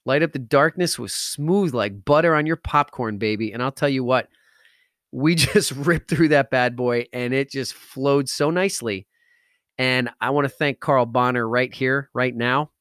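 A man hosting a podcast in an energetic, slangy motivational talk style, hyped and enthusiastic. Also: mid-range voice, dry recording, clean studio sound. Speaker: podcast host.

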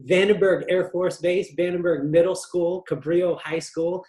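A man from California, a hairdresser, tells his life story in an easy, joking way and slips into voices for the people in it. His voice sits a little high for a man, and the room around him rings with echo. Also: moderate pace. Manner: animated, joking, acts out family members' voices. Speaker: guest hairdresser. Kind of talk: storytelling in a podcast interview.

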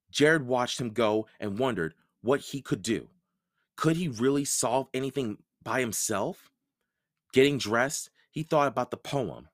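A man reads a children's novel aloud at a slow, careful pace, his pitch rising and falling with the story. He is recorded close on the mic in a dry space with no room echo. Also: lively intonation, fairly bright tone. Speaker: podcast read-aloud host.

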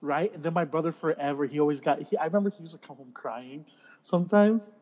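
A man's voice: a little high, fast talker, darkish tone, low-quality recording. A man co-hosting a podcast in casual chat, joking, laughing and swearing freely. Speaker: podcast co-host.

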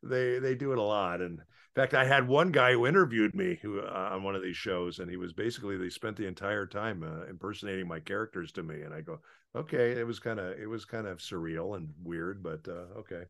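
A man, a voice actor, rambles through anecdotes in casual interview chat, with many filler pauses. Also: low voice, gravelly, fairly bright tone. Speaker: voice actor guest.

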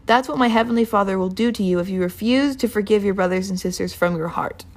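A woman's voice: mid-range voice, quick pace. Earnest, rambling woman preaching. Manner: casual, rambling, earnest, with fillers. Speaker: Bible teacher. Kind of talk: informal sermon.

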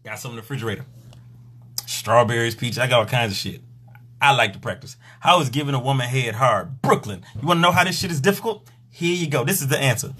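A bright, husky male voice in a loose, joking live-stream chat. He riffs crudely about sex and slips into mock voices to act out partners, laughing as he goes. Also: medium pitch. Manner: crude, joking, acts out quotes.

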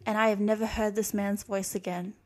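A woman's voice: mid-range voice, level tone, a little fast, darkish tone. Young Australian woman, confessional storytime host, earnest and reflective, mid-range voice. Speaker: podcast host.

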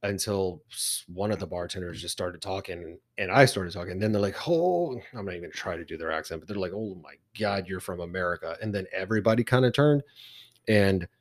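A man's voice: low voice, fast talker. A man co-hosting a whiskey podcast, telling a long rambling story in casual chat with many restarts and asides. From Texas. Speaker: podcast co-host.

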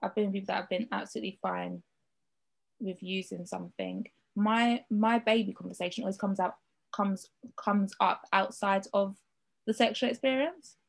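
A frank woman talks in a casual podcast chat. Her voice has a gravelly, creaky edge, and she swears without holding back. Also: medium pitch, normal speed.

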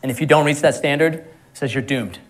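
A man's voice: on the high side, a little fast. A man preaching a sermon in a conversational way, often repeating words and laughing at his own jokes. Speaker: pastor.

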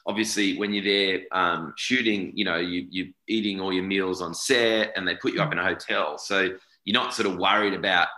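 Australian man, 40s, very deep and bright-toned; rambling interview guest in an echoey room. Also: steady tone, moderate pace. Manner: rambling, self-correcting, repeats words. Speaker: actor guest. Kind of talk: casual interview chat.

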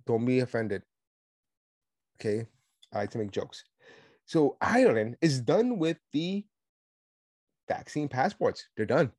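A man hosting a political podcast, talking in an animated, sarcastic monologue and mocking his opponents. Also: medium pitch, measured pace, long pauses, dry recording, studio quality. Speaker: podcast host.

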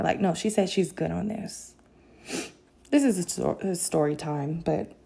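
A woman vlogger telling a candid story time to her viewers, casual and animated, with bursts of indignation. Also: fairly low pitch, vocal fry.

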